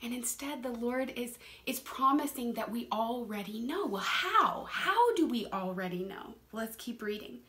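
A woman's voice: a little high, lively intonation, measured pace, few pauses, a bit bright. A young woman teaching a Bible study in a casual, earnest way, laughing often and repeating words as she talks.

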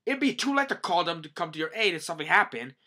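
Shrill scolding sea-creature minister, a man putting it on. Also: lively intonation, quick pace, full character voice. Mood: furious scolding. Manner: scolding, indignant, loud. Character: shouting stern male sea-creature minister.

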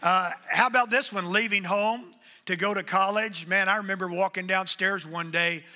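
Speaking at normal speed, this middle-aged pastor has a high-pitched, steady, sharp voice as he preaches in a church sanctuary. His sermon is conversational, and he keeps the congregation engaged by calling out "come on." Long hall reverb fills the recording.

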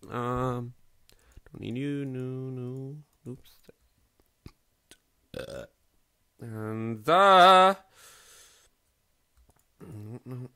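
A man with a bright, forward voice talks loosely over his gameplay in casual let's-play commentary. He rambles from one thought to the next, swears freely and pokes fun at himself. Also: mid-range voice, gravelly. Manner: rambling, profane, self-mocking. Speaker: gaming video host.

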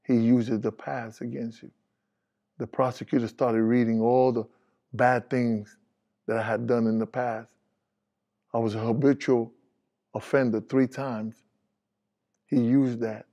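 A man's voice: medium pitch, level tone, unhurried, pauses often, dark tone, dull audio. A man giving his spoken testimony as a preacher, candid and plainspoken with street phrasing, rising animatedly when he retells conversations.

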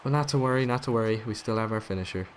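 A young man giving casual, excitable commentary over his own wrestling video game match, swearing and taunting the opponent. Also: fairly low pitch, very fast, a little hiss or hum. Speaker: gaming YouTuber.

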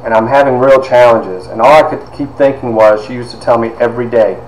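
A man, a university instructor, telling stories from his life to his class, lively and sometimes dropping into hushed asides. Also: medium pitch, a little fast, echoey room, highs cut off. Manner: animated storyteller, drops to hushed asides. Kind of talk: storytelling lecture to a class.

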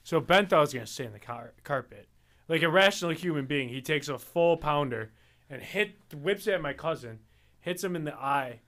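A young man with a slightly high voice chats casually on a podcast. He tells stories in a loose, profane way and laughs easily. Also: lively intonation, fairly quick, fairly bright tone. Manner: storytelling, swearing, laughing often. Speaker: podcast co-host. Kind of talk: casual chat.

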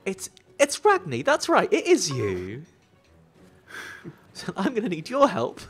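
A man's voice: high voice, wildly swooping pitch, a little slow, soft background music. A man hosting a gaming stream, chatting in a jokey way and laughing often. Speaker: stream host. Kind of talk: casual gaming chat.

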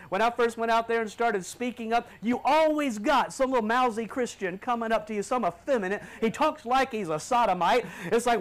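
A man preaching a fiery sermon, dropping to low murmurs and then rising to shouts. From United States.

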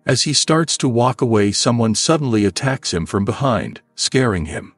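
A man's voice: mid-range voice, expressive, moderate pace, few pauses, fairly bright tone, no echo. Man narrating a comic recap.

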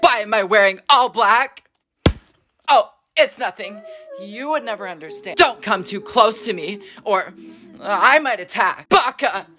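A man's voice: high voice, animated, a little slow, sharp tone, soft background music, full character voice. A man playing a shy, anime-obsessed teenage boy in a comedy sketch, mumbling awkwardly and then snapping defensively. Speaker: comedy creator.

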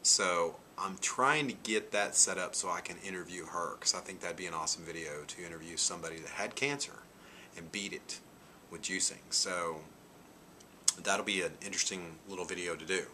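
A man in his forties tells a meandering story to his vlog viewers, filling the gaps with "you know" and "like". His voice sits very low but has a bright, forceful edge. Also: normal speed, a little hiss or hum. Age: 40s. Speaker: vlogger. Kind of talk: casual chat.

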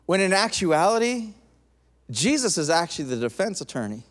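A high-voiced male pastor delivers a lively sermon. He slips into quoted voices as he preaches. His voice rings out with a long reverb from a large church hall. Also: moderate pace. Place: church auditorium.

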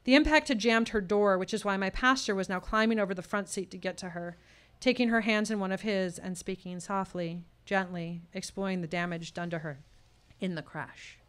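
A woman performs a true story live on stage, her voice bright and crisp. She tells it with care and shifts into short lines of quoted dialogue along the way. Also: medium pitch, normal speed. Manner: personal story told with tense quoted dialogue. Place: live showcase venue.

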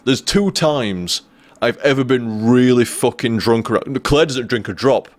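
A man's voice: medium pitch, expressive, a little slow, no echo. A young man telling a long, rambling story to his live stream viewers, swearing freely and restarting his sentences. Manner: rambling, profane, restarts often.

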